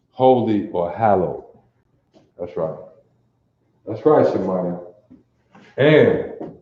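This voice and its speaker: A man's voice: lowish voice, echoey room, muffled recording. A man from teaching a livestreamed Bible class, quizzing his listeners and repeating phrases over and over to drill them. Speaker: religious teacher.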